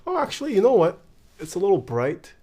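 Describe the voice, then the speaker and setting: A man's voice: high-pitched, wildly swooping pitch, fast, dark tone. A man chatting casually on a live stream, thinking aloud while he builds and reading viewer questions back before he answers them.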